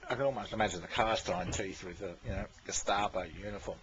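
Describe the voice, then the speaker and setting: A man's voice: lowish voice, quick pace, a crowd in the background. A man, rambling in casual chat, swearing freely and chuckling often. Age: 60s. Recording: dull lo-fi recording.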